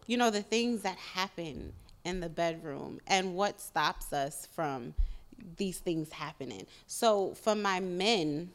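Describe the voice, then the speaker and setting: A woman co-hosting a casual podcast, asking slow, halting questions between laughs. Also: fairly low pitch, lively intonation. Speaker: podcast co-host. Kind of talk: casual group chat.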